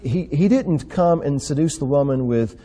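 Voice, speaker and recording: A man preaching a sermon, reading scripture aloud with rising emphasis and then explaining it in a steady teaching voice. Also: a little high, normal speed.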